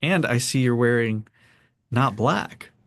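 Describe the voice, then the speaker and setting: A man hosting a group coaching call, encouraging and unhurried, speaking over a video call. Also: mid-range voice, a bit bright.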